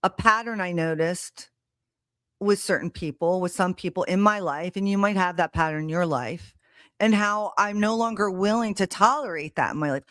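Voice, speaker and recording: A woman's voice: lowish voice, normal speed, a bit bright, no echo, clean studio sound. A woman hosting a live stream, telling a personal story in a blunt, heated, casual way, swearing freely. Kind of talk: casual monologue to a live audience. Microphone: streaming setup mic.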